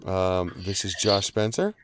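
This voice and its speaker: A man's voice: low voice, sing-song, measured pace, crowd noise. A man hosting a live online panel in casual chat, rambling with fillers and easy laughs. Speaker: livestream host.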